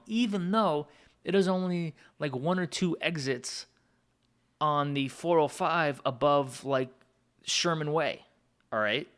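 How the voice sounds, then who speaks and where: In a rambling, casual monologue, this channel host and music producer works through an extended personal story, wandering off on tangents and speaking directly to his audience. His voice is a little high with a fairly bright tone.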